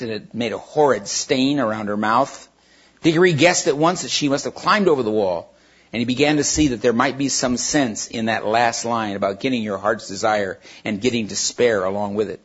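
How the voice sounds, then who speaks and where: A man retelling and reading a children's novel aloud in a plain, somewhat halting way. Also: mid-range voice, husky. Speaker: storyteller. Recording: dull lo-fi recording.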